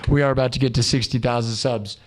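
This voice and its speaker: A man's voice: mid-range voice, fairly even intonation, fast, in a large hall. A man hosting a live music stream, hyping up his viewers with chanted pep talk and jabs at his haters.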